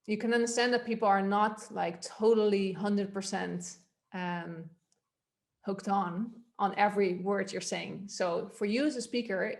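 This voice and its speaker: A woman's voice: medium pitch, gravelly. A woman voice coach giving a workshop, explaining techniques in a loose, conversational way and demonstrating them aloud. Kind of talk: workshop instruction.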